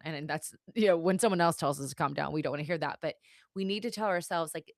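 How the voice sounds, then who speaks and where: A woman's voice: medium pitch, lively intonation, fast talker, no echo. Chatty woman host, dry close sound. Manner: chatty, rambling, laughs often, swears casually. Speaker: podcast host and therapist. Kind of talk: casual live-stream talk. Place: home setup on a live stream. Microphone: computer mic on a video stream.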